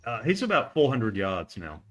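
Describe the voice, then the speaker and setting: A man narrating as game master of a tabletop game, relaxed, with frequent laughs and ums. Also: on the low side, normal speed, crowd noise. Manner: relaxed, laughs often, fillers while describing.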